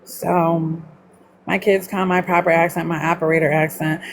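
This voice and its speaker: A woman's voice: fairly low pitch, level tone, normal speed, slight background noise. A middle-aged woman from Mississippi with a Southern accent, blunt and chatty, swearing freely as she talks to viewers live. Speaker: livestream host. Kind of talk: casual live chat with viewers.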